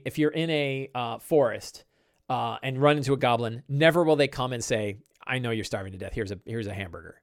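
A middle-aged man hosting a casual live-stream chat, rambling and animated, with many fillers and restarts. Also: fairly high pitch, no echo, clean studio sound. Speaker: podcast host.

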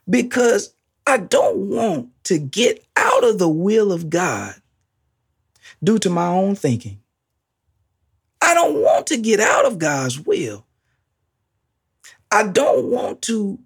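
Brief: husky, gravelly preacher, slow and emphatic, pitch swings widely through the sermon. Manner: emphatic, repeats key phrases, laughs often.

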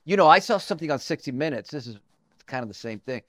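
A man's voice: fairly high pitch, lively intonation, fast, a bit bright, no echo. A man hosting an interview, reacting emotionally with short interjections and questions. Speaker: host. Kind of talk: interview chat.

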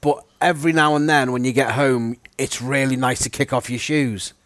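A man's voice: mid-range voice, steady tone, normal speed, a bit bright, dry recording. A young man co-hosting a podcast, telling stories in a rambling, self-mocking way. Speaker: podcast co-host. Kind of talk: casual chat.

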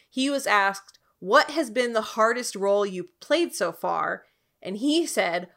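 A woman co-hosting a podcast, chatting casually about a TV show with lots of fillers. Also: on the high side. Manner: chatty, animated storytelling with many fillers. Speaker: podcast co-host. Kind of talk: casual chat recapping a TV show.

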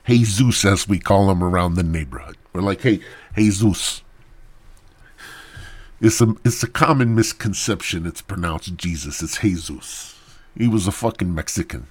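A man with a fairly low voice hosts a podcast, talking into his mic. He rambles through a profane comedy rant, telling his story in a crude, mock-serious way. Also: a little fast, hardly any pauses. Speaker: podcast host.

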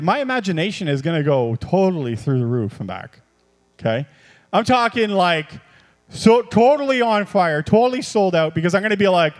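A man preaching a sermon as a pastor, animated and repetitive, moving between quiet reflection and bursts of excitement. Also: high voice, moderate pace, faint music behind. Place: church hall. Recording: long reverb of a church hall.

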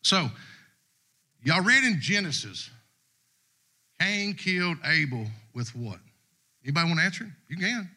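Pitched on the high side and sing-song, the middle-aged guest preacher speaks a little slowly, pausing often, with a sharp tone. He gives the church congregation a casual, folksy sermon in the sanctuary, talking conversationally in a Southern US dialect.

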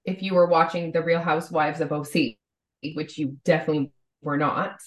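A woman's voice: low-pitched, steady tone, fairly quick. Chatty woman in an echoey room. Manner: chatty, lots of "like" fillers. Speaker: podcast co-host. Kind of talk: casual chat.

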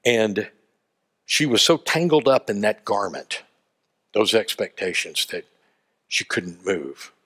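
A man preaching a sermon, telling stories with lively acted-out voices and asides. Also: fairly low pitch, slow pace, pauses often, breathy edge. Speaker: pastor.

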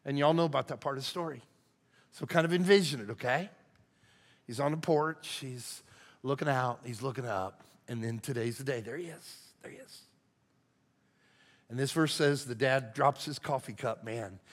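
An older man, a lead pastor, preaching a sermon in a folksy, conversational way that swings from hushed to loud. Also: mid-range voice. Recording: long hall reverb.

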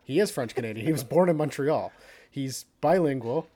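Male podcast co-host, mid-pitched, loose and rambling, filler-heavy sports chat. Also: normal speed. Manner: rambling, animated, many fillers.

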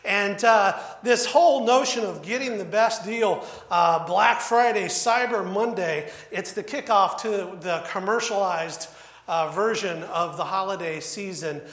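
A man's voice: high voice, unhurried, a bit bright, reverberant. A man preaching a sermon as pastor, conversational and storytelling, with frequent fillers.

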